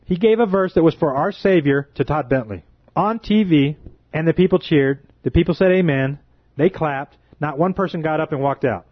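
An impassioned preacher man with a fairly high voice, stretching words out for weight as he warns his listeners. The sound is dry and a little muffled, like a close but lo-fi home recording. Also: dry recording. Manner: impassioned, indignant, drawn-out emphatic phrases. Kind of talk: fervent preaching monologue.

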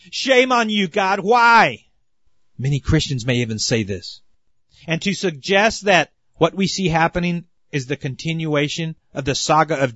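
An earnest male preacher delivering a sermon, pressing his points with emphasis and warm appeals to "my friends." His voice sits somewhat high for a man. The recording is dull and lo-fi, with a dry, close sound. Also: no room sound.

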